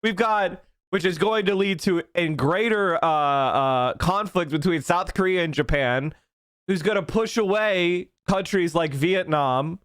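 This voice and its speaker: A male political commentator from Pennsylvania ranting on a live stream, heated and profane, often breaking into shouts. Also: high-pitched, measured pace, clean tone, no echo, studio quality.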